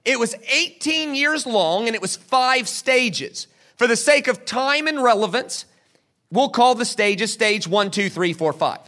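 A man with a high voice delivers a teaching sermon. His tone is bright and ringing, and he talks in an animated way, coaxing his listeners to repeat words back to him. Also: a little slow. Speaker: preacher. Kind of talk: sermon teaching with audience participation.

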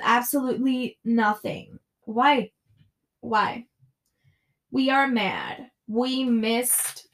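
A young woman hosting her own podcast, chatting casually and ranting with frequent swearing and "like" fillers. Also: a little high. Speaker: podcast host. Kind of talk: casual solo podcast chat.

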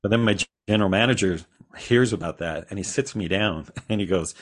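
A man's voice: low-pitched, a little fast, few pauses. A man guest on a podcast, telling his own story in a rambling, casual way with frequent restarts and small laughs.

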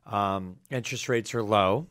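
Fired-up low-voiced male podcast host. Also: unhurried, dry recording, studio quality. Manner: energetic, hyped-up delivery. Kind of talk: casual chat.

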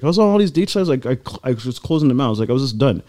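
A man in casual chat, telling a long personal story in a rambling, animated way with lots of fillers. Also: fairly high pitch, rapid-fire. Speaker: guest.

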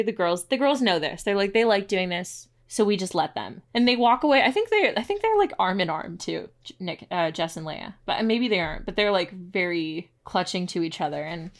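A woman co-hosting a podcast, recapping an episode in casual chat with a rambling manner and lots of filler words. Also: fairly low pitch. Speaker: podcast co-host.

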